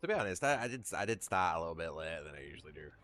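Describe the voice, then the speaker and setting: A man's voice: deep voice, sing-song, rapid-fire, fairly bright tone. A British man casually chatting and swearing while he streams a video game, with a joking manner. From Britain. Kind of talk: casual gameplay livestream.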